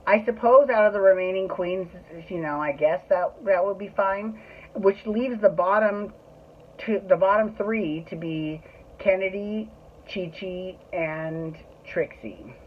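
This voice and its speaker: A woman's voice: mid-range voice, unhurried, slight background noise. Chatty profane woman over tinny audio. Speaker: podcast host. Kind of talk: casual solo recap.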